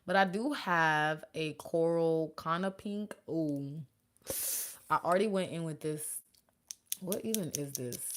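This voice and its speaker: A woman's voice: sits low, slow pace, a little hiss or hum. A young woman chatting casually with her viewers while doing her makeup. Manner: chatty, animated, talks to viewers and chat. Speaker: beauty vlogger and makeup artist.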